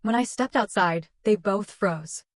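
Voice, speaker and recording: Dry, measured woman narrator. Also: mid-range voice, dry recording. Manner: measured, clipped dramatic delivery. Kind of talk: scripted first-person story narration.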